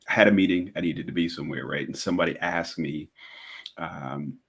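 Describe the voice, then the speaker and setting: Deep-voiced man thinking aloud. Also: a bit bright. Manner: reflective, thinking aloud with many fillers. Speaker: podcast guest. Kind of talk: casual podcast chat.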